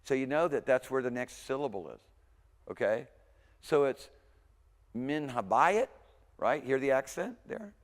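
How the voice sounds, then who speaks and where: In an echoing hall, a mid-pitched male teacher of Hebrew lectures at a university in a recording, talking in a relaxed, conversational manner. He drills pronunciation by slowly repeating words, with frequent okays.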